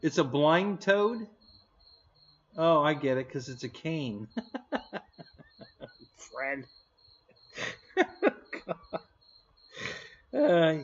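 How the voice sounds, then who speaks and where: A man hosts a casual live stream, joking back at his chat and laughing often. His voice rises and falls a lot and sits a little high. The stream audio is dull and lo-fi. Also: sing-song, drawn-out words, long pauses.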